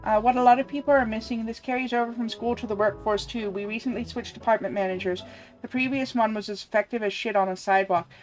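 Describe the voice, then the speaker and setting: A woman's voice: a little high, steady tone, soft background music. A woman streaming a game live, casually commenting and reading messages aloud. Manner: quick, casual, reads chat aloud.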